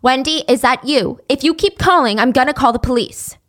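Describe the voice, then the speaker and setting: A woman voicing a strict, harsh older grandmother who shouts and scolds. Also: high voice, fairly quick, natural voice. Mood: scolding.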